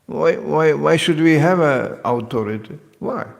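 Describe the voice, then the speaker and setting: A man with a gravelly, somewhat high voice gives a devotional lecture. He is lively and joking and often acts out the people he talks about. The sound rings with a long reverb, as in a large hall. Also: unhurried. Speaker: spiritual teacher.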